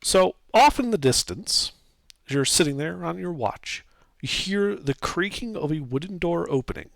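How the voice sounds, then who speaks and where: A man narrating a tabletop game as game master, describing scenes in a lively, casual way with fillers. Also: a little high, moderate pace, creaky, no echo.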